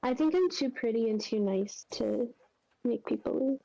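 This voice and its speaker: A woman playing a tabletop game, speaking playfully with a gravelly, mellow voice. She comes through a muffled, lo-fi mic. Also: fairly high pitch, normal speed. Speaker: player. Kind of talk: casual tabletop role-play.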